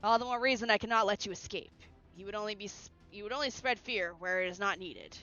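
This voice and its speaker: A woman's voice: medium pitch, fast talker, sharp tone, lo-fi sound, soft background music. A woman voicing a stern, cold male knight who speaks in formal, clipped commands.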